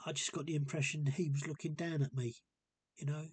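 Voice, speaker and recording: A man talking casually to camera in a hesitant, rambling and subdued way, with a gravelly, husky voice. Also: fairly high pitch, level tone, fairly quick, darkish tone, dry recording. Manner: hesitant and rambling, many ums. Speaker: vlogger. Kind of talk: casual personal monologue.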